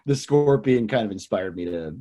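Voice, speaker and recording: A young man tells a long, rambling story, full of swearing, and he acts out every person in it. His pitch leaps up and down, from low mutters to high yelps. It sounds like casual podcast talk. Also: moderate pace. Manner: animated storyteller, acts out quoted people, swears a lot. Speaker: comedian guest.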